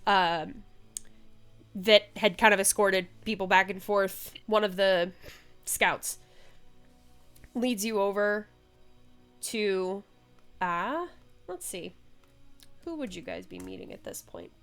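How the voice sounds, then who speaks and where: A woman's voice: mid-range voice, slow, long pauses, fairly bright tone, clear, resonant tone, soft background music. A woman running a tabletop game as game master, describing scenes in a rambling way with frequent fillers and restarts. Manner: rambling, hesitant, many fillers and self-corrections.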